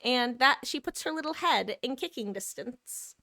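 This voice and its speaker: A woman's voice: high-pitched, animated, moderate pace, bright, forceful tone, no room sound. A young woman streaming a game live, chatting casually and giggling, sometimes cooing to her cat. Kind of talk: casual live-stream chat while gaming.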